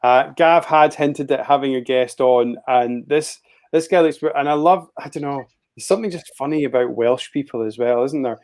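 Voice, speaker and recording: A man's voice: medium pitch, moderate pace, darkish tone. A man co-hosting a podcast, trading laid-back, jokey banter in casual chat over a remote call. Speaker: podcast co-host.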